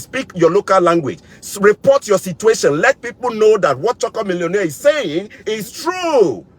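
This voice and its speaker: Young man, fervent to-camera monologue with big swings in pitch. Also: a little hiss or hum. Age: young adult. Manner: fervent, repeats phrases for emphasis, rallying. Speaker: vlogger.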